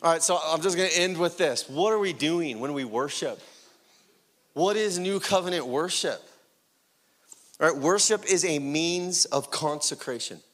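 A pastor with a fairly high-pitched voice preaches to his congregation at normal speed. He questions them and swings from loud, rising peaks to hushed whispers.

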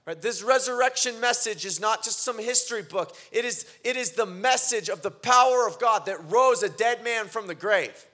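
A man's voice: sits high, normal speed, few pauses. A man preaching a sermon, telling stories and building to fervent, emphatic declarations. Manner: builds from quiet storytelling to fervent shouting. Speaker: pastor.

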